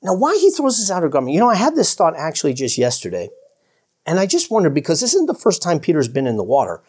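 A man teaching the Bible in a casual, animated way. He often chuckles, restarts his sentences and acts out the characters' lines. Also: on the high side, quick pace, breathy edge. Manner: rambling with many restarts and "you know".

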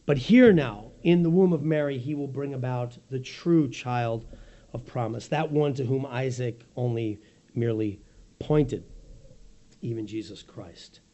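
A man preaching a sermon as pastor, with a raspy voice, animated and swinging between soft and loud, joking about his own slips. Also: measured pace, dull audio. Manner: animated preaching with wide swings in pitch and loudness; jokes at his own slips, laughs easily.

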